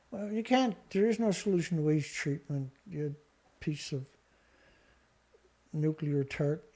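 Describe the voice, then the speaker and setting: Angry host, mellow dark tone. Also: mid-range voice, a little slow. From Canada. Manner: angry, sarcastic, insulting, talks back at the headlines. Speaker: online show host. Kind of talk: reading news items and ranting about them.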